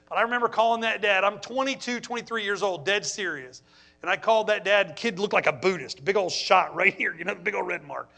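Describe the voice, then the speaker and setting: High, bright-voiced preacher man. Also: fast talker, creaky. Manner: animated storytelling, acts out his own reactions. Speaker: pastor. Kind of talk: sermon.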